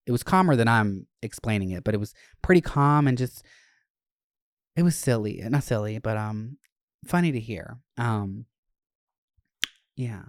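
A young adult podcast host telling stories in a casual, animated, profane way. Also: mid-range voice, a little slow, pauses often, no echo, clean studio sound. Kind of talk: casual chat.

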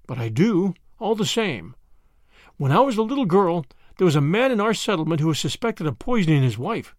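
A man's voice: high-pitched, dry recording, studio quality. A man voicing a fretful, chatty old grandmother who talks in a tremulous, anxious way.

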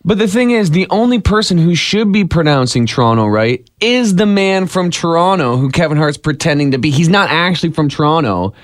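A man co-hosting a casual chat show, animated and quick with opinions. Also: on the high side, no echo, studio quality. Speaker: radio co-host.

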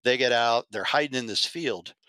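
A middle-aged man with a bright, forceful voice, recounting his undercover days in a lively, profane way. He acts out the people he quotes. The sound is close and dry. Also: medium pitch, moderate pace, dry recording. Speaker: guest, former undercover federal agent. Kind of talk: casual storytelling.

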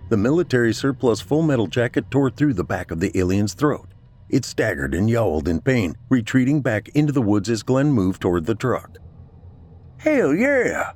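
A man reading a scripted horror story aloud in a measured, unhurried way. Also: low-pitched, a little mellow. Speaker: narrator.

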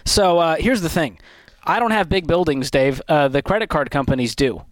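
Guy co-hosting a radio show, highish voice, acts stuff out when he tells a story, dry mic. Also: normal speed, dry recording. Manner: animated storyteller, acts out little scenes. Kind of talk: call-in advice show banter.

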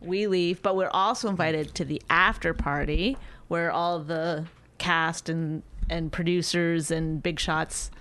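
A woman co-hosting a podcast, teasing her husband in casual banter and mocking him with quick impressions. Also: fairly low pitch, steady tone, fairly bright tone. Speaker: podcast co-host. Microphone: studio microphone.

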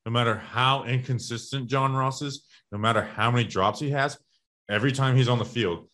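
A man's voice: mid-range voice, fairly quick. A young man co-hosting a casual sports talk show, rambling through stats with lots of restarts. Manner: rambling, restarts often, energetic about stats. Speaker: podcast co-host.

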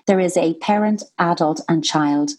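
A woman's voice: lowish voice, moderate pace, a little mellow. A woman, a psychotherapist guest on a podcast, explaining ideas earnestly in a conversational way. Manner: earnest, explanatory, acts out quoted voices.

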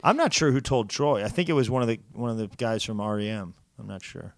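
A man's voice: on the low side, lively intonation, fast talker, creaky, no room sound, studio quality. A man co-hosting a podcast in casual chat, rambling and teasing. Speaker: podcast co-host.

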